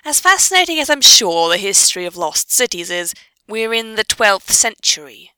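A woman's voice: medium pitch, very animated, normal speed, sharp tone, clear, resonant tone, no echo. A woman reading the part of a proud, scheming young witch who talks in a clipped, snappish way.

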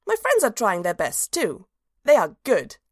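A woman's voice: mid-range voice, huge pitch swings, a little slow, dry recording, studio quality. A woman narrating a storybook in the voice of a cheerful, simple-minded little dog, earnest and childlike.

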